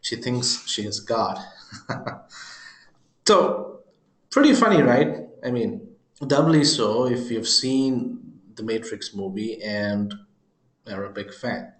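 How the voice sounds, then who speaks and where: A man giving a screen-recorded software demo, talking his viewers through it with joking, chuckling asides. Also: mid-range voice, lively intonation, slow, long pauses, roomy sound. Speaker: software presenter.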